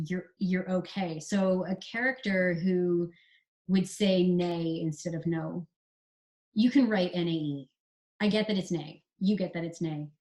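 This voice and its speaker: A Canadian woman who writes screenplays, chatting through writing advice in a relaxed interview and spelling out examples. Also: fairly low pitch. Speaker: screenwriter guest. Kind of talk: casual explanatory interview talk.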